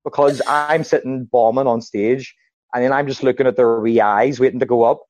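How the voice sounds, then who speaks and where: Animated man telling stories. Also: medium pitch, a little fast, no echo. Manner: animated anecdotes with acted-out quotes. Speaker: stand-up comedian, guest. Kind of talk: casual podcast chat.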